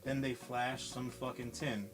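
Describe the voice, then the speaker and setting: A man's voice: medium pitch, little pitch movement, a little slow, soft background music. A man casually recapping a film on a podcast, swearing often and acting out the characters' lines. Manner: profane, rambling storytelling with acted quotes. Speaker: podcast co-host.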